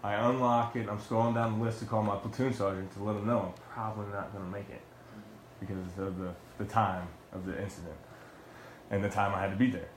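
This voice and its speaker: This young man, formerly a Marine, talks quickly with little pitch movement in a low-leaning voice as he angrily describes his arrest. His account is blunt, full of swearing and restarts. The room is echoey, with a slight hiss or hum.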